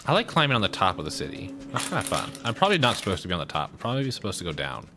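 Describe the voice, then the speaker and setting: A young man casually chatting as he plays a video game on stream, reacting loudly to surprises. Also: deep voice, very fast. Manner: animated, exclaims at surprises. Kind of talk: casual let's-play chat.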